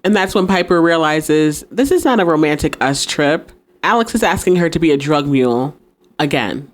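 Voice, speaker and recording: A young woman with a slightly low voice talks through a TV episode for her podcast. She keeps things casual and animated. She laughs easily and slips into the characters' lines as she goes. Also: normal speed. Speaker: podcast host recapping a TV episode. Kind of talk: casual recap with acted-out quotes.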